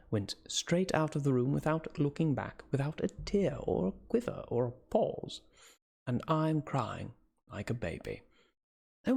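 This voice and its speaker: A man's voice: on the high side, vocal fry, darkish tone, exaggerated voice. A man voicing a sweet, emotional young Victorian woman writing a letter, in a gushing and tender manner.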